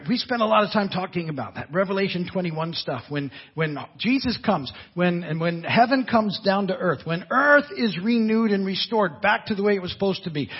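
A man preaching a sermon as a pastor, in an animated, conversational way with asides and laughter. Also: sits high, slightly rough, lo-fi sound.

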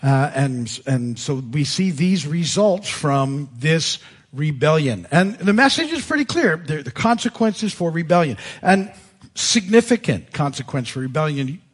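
A man's voice: on the high side, very animated, unhurried, breathy edge. A middle-aged male pastor giving an informal, emphatic sermon. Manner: emphatic, informal, frequent restarts. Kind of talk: conversational sermon teaching.

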